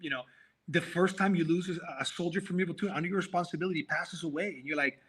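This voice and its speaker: A man's voice: fairly high pitch, fast talker, fairly bright tone, slightly rough. A man, a guest on a podcast, talking about life over a video call in a philosophical way, with many restarts. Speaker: guest, former offensive tackle. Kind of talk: casual podcast chat.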